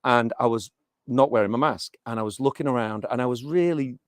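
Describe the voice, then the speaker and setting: A man's voice: medium pitch, a little fast, dry recording, studio quality. A middle-aged man from England, chatting in an interview with frequent restarts and fillers. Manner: hesitant, many restarts and fillers. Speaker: interviewee, teacher. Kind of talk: casual interview chat.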